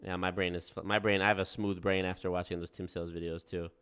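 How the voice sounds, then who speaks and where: A man's voice: low voice, little pitch movement, fast, a bit bright, clean tone. A man hosting reaction commentary, crude and mocking, swearing freely. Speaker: commentary host.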